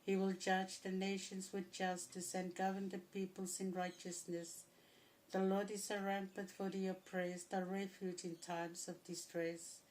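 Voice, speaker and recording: A woman reading Bible passages aloud in a steady, even manner. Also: medium pitch, measured pace, slight background noise, rough recording. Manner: steady, even reading with occasional throat clearing. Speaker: scripture reader.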